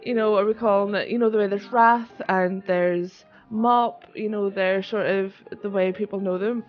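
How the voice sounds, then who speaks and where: A young woman from Northern Ireland with a Northern Irish accent, chatting casually and excitably on a live stream and swearing often. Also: mid-range voice, normal speed. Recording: dull lo-fi stream audio with soft music. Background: soft music.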